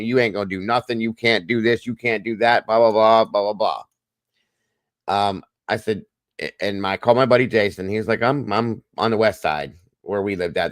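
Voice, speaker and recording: A man's voice: lowish voice, a bit bright, dry recording. Blunt rambling middle-aged man. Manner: rambling, blunt, repeats himself. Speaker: podcast host. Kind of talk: casual storytelling monologue.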